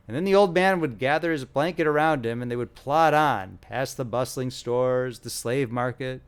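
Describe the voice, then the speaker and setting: A man's voice: mid-range voice, moderate pace, hardly any pauses, clear, resonant tone. A man narrating a classic short story as an audiobook, telling it expressively.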